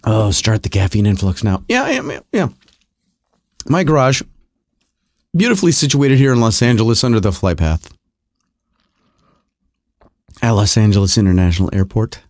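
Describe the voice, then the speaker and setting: A man's voice: lowish voice, very animated, moderate pace, long pauses, a little mellow, dry recording, clean studio sound. A middle-aged man hosting his own podcast from his garage, rambling through a wry, self-deprecating casual monologue. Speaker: podcast host. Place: home garage.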